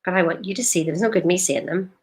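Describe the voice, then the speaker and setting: Woman life coach, lowish voice, blunt and emphatic on a live stream. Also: fast. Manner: direct, emphatic, rhetorical questions.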